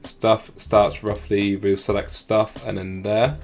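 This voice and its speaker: A man talking fast and casually through a software tutorial, often saying "like". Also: fairly low pitch, little pitch movement, faint music behind. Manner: fast, casual, many "like" fillers. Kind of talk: screen-recorded tutorial walkthrough.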